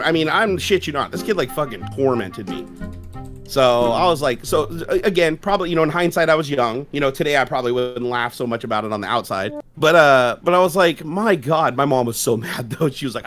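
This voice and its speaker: A man tells a rowdy childhood story on a live stream, swearing freely and breaking into laughter. His voice sits a bit high. Music plays clearly in the background. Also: quick pace. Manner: profane, laughing, animated storyteller. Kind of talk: casual storytelling chat.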